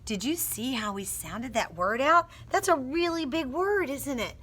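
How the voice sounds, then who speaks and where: A woman teacher reads a storybook to little kids in a slow, unhurried way, stopping to sound out words with them. Her voice is bright and a bit high, expressive and encouraging. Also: slightly rough. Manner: expressive storytelling with phonics coaching. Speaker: teacher reading aloud. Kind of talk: read-aloud lesson for young children.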